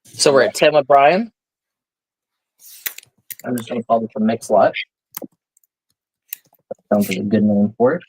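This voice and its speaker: A man's voice: medium pitch, a little slow, long pauses, a little mellow, husky. A man hosting a live online auction, chatting casually and explaining each item as he shows it. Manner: chatty, rambling, explains items as he shows them. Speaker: auction host. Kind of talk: live stream auction patter.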